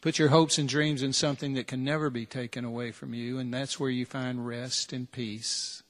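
A man's voice: medium pitch, little pitch movement, moderate pace. A man preaching a sermon in an earnest, direct manner, pressing his listeners with repeated challenges and rhetorical questions. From United States. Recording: long hall reverb.

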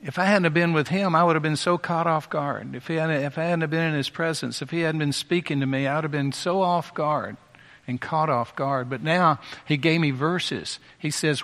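A man's voice: on the high side, moderate pace, a bit bright. A man preaching a sermon with impassioned, emphatic repetition, heard in a large hall.

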